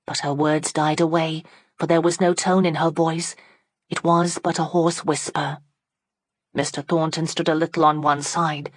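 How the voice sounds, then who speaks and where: A woman narrating an audiobook in a steady, dramatic storytelling manner on a close microphone. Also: sits low, a little slow, no room sound. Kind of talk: scripted narration.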